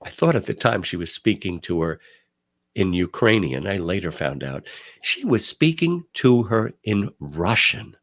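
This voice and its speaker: An older man hosts a talk show with a low voice that swoops up and down as he speaks. His delivery is emphatic and animated, like a storyteller leaning into every point. He sounds casual and conversational. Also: a little slow. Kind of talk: casual commentary.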